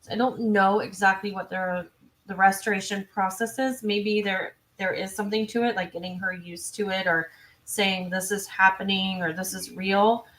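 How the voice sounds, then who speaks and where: A woman hosting a true crime livestream, chatty and self-interrupting, reading viewer comments and adding quick asides. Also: medium pitch, steady tone, fairly bright tone. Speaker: true crime channel host. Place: home.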